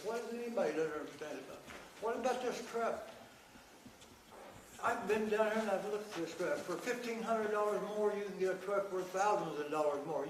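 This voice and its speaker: Guy ranting at a county board meeting, highish voice, picked up from far off. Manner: heated, confrontational, blunt. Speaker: public commenter. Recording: echoey room, distant mic, faint noise.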